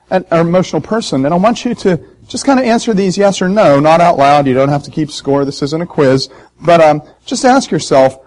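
A man who is a pastor, preaching a sermon in an emotional, emphatic way with sharp swings in loudness. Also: on the high side, low-quality recording. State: hoarse.

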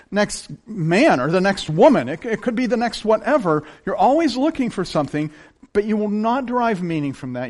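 A man delivering a sermon in a fairly high, very lively voice. He talks in a folksy, down-home way, pushing hard on key words and then dropping almost to a whisper. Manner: animated preaching, swings between loud emphasis and hushed intensity; folksy, uses plain down-home examples. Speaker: pastor.

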